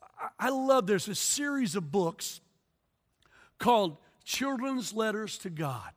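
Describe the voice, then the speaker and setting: A middle-aged male pastor preaching a lively sermon, telling stories with animation, acting out voices and bursting into shouts. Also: high voice, takes it slowly. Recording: long hall reverb.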